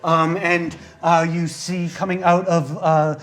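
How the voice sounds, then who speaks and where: A man's voice: a little high, flat delivery, slow pace, a bit bright. A man narrating a tabletop game as game master, in a loose, rambling way full of fillers.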